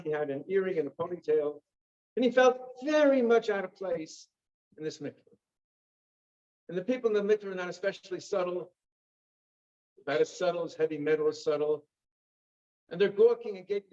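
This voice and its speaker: A man's voice: sits high, a little mellow. Theatrical male storyteller, lo-fi. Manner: vivid, theatrical, wry asides. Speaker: guest speaker. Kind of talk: dramatic storytelling talk. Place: synagogue hall. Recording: dull lo-fi recording.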